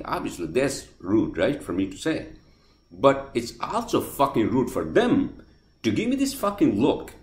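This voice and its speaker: A man with a non-native accent rants on his podcast, cursing constantly and circling back over the same points. His voice sits low but leaps around with lively swings, and the room adds a noticeable echo. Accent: non-native accent of English. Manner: heated, profane, swears constantly, repeats himself. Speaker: podcast host. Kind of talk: casual monologue rant. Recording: roomy echoey room.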